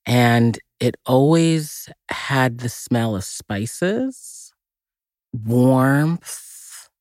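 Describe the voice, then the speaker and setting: A woman's voice: a bass voice, animated, extremely slow, darkish tone, no room sound. Woman telling childhood stories in a dry room. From Massachusetts, USA. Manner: reflective, vivid listing, breaks into laughter. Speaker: actress interviewed as guest. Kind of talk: casual interview storytelling.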